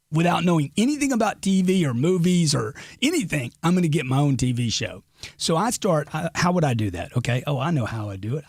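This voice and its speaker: A man's voice: on the high side, husky, no echo, studio quality. A middle-aged man speaking as an interview guest, giving brash, emphatic, crude motivational talk. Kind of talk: podcast interview.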